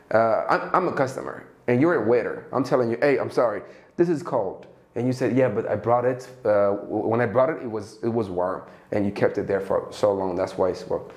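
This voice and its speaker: A man with an Amharic accent teaching English in a lively, conversational way, acting out example phrases. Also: medium pitch. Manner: animated, acts out example phrases. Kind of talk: bilingual conversational lesson. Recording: echoey room.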